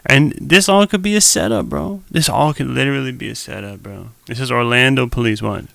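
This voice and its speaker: A man's voice: mid-range voice, expressive, fairly quick, gravelly, bright, forceful tone, dry recording. A young man giving loose, slangy reaction commentary on a live stream, talking straight to viewers into a desk mic.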